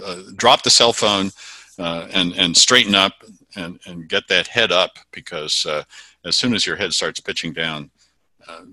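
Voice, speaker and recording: A man, a communication expert, explaining body-language tips in an interview, measured and full of fillers and restarts. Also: low-pitched, pushed and bright, no room sound.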